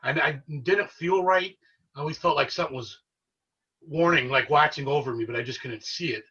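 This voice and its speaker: A man with a bright, edgy and somewhat husky voice tells a story in an earnest, excitable way. He sounds set back from the microphone, and the recording is dull and lo-fi. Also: a little high, a little fast, far from the mic. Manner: earnest, excitable storyteller who relives events. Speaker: paranormal investigator guest. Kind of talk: casual storytelling interview.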